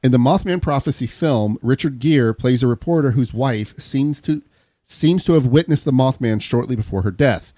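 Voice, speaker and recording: A man's voice: medium pitch, moderate pace, dry recording. A man hosting a podcast, reading a story from a script between banter with friends. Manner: steady storyteller, laughs often.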